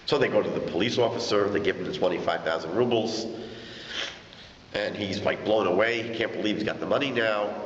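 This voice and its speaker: A male rabbi telling a story in an animated way, acting out the quotes. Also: lowish voice, a little fast. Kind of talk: storytelling lecture. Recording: dull echoey hall, faint noise.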